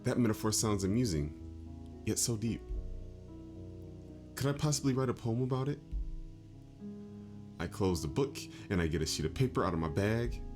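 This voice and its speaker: A man reading aloud as a gloomy teenage schoolgirl narrator from a game, in a flat voice. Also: lowish voice, normal speed, pauses often, music in the background, pitched above the performer's own voice, lightly acted. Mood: quiet, downcast.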